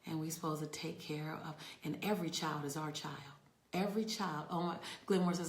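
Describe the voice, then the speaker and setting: A woman talking to viewers on a casual livestream from a rental room, emphatic and warm, sometimes dropping to soft near-whispers. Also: low voice, steady tone, brisk, reverberant. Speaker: motivational speaker hosting a livestream.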